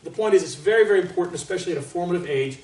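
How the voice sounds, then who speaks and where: A man from Canada leading a trumpet master class in a casual, joking way, with boastful asides and sudden loud exclamations. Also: high voice, very fast. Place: large room with an audience. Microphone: distant microphone. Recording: roomy, distant sound.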